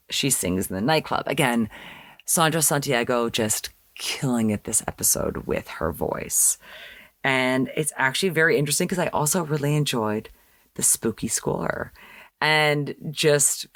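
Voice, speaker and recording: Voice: mid-range voice, fairly bright tone, no echo, studio quality. A young adult podcast host recapping a TV episode in a chatty way with sarcastic asides.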